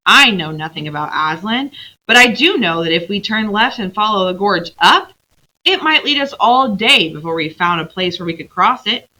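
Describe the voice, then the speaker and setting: A blunt, doubting male dwarf who lays out plain practical reasons, read aloud by a woman. The voice stays close to the reader's own, bright and lively. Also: medium pitch, normal speed, rough recording.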